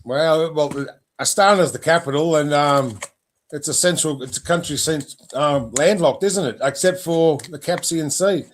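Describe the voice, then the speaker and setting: Rambling podcast host. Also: male voice, fairly high pitch, normal speed, a little hiss or hum. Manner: rambling, self-mocking, stumbling over words. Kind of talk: casual podcast chat.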